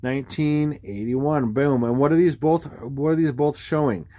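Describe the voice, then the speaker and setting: A man explaining dates and numbers on screen in a rambling, excitable way, full of fillers and sudden exclamations. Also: medium pitch, normal speed, dry recording. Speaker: video creator explaining number theories. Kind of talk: casual screen-share commentary.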